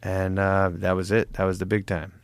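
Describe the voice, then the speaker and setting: Gravelly, low middle-aged man, casual guest chat, swearing and laughing through stories. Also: completely flat delivery, normal speed, dry recording.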